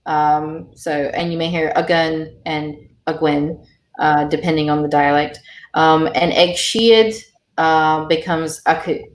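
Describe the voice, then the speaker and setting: A woman's voice: low-pitched, level tone, slow, reverberant. A woman teaching an online language lesson over a video call, explaining patiently with many fillers.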